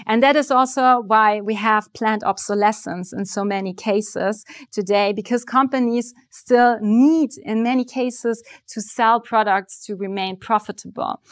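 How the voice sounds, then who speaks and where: A woman lecturer giving a conference presentation, explaining ideas clearly and walking through examples step by step. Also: medium pitch, no room sound. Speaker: business school lecturer. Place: summit venue.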